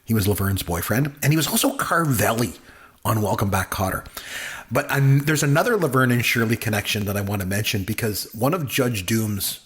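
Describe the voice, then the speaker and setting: A man's voice: on the low side, lively intonation, brisk, fairly bright tone. A man co-hosting a podcast, chatting casually and enthusiastically about a film, rambling with many fillers. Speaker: podcast co-host, film reviewer. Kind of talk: casual movie review chat.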